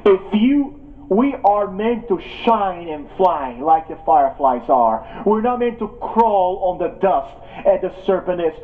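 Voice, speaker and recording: A man's voice: high voice, big pitch swings, measured pace. A man preaching a sermon as pastor of a church, telling a story with frequent restarts. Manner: storytelling, repeats and restarts words. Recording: tinny phone-like sound.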